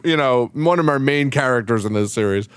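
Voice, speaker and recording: A man's voice: mid-range voice, a little fast, clean tone, no echo. A man co-hosting a podcast in casual chat, talking enthusiastically and laughing often. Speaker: podcast co-host.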